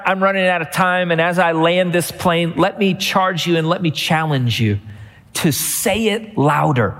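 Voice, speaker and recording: A man's voice: high-pitched, long reverb tail. A middle-aged man preaching a sermon as pastor, telling a family story and building to emphatic repeated refrains.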